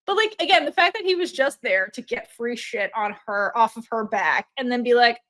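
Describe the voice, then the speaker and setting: A woman's voice: on the high side, brisk. A woman co-hosting a podcast in casual chat, retelling scenes with acted-out lines and swearing freely. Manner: animated retelling, swears freely, acts out characters. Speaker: podcast co-host.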